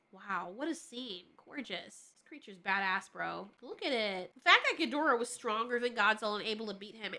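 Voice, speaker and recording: A woman casually analyzing a movie trailer, excitable and jokey with a bit of swearing, her nose stuffy. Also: on the high side. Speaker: trailer reviewer.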